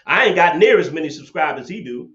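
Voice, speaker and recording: Bright and forceful, this fast-talking man pitches a little high and keeps his intonation lively. As host of a livestream rant and call-in debate, he's confrontational and preachy and keeps repeating himself. His webcam audio comes through lo-fi, dull and echoey.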